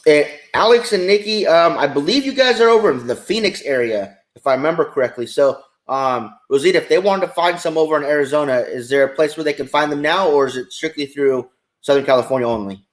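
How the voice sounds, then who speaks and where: A man hosting a casual podcast interview, asking questions haltingly with many "uh" fillers. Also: a little high. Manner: halting, fills with "uh" and "um". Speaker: podcast host.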